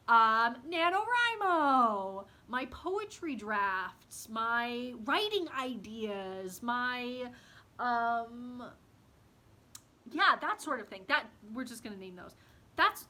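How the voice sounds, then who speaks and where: A woman's voice: a little high, bright, forceful tone. A young woman vlogging casually to the camera about her reading and writing, rambling and self-deprecating, with lots of fillers.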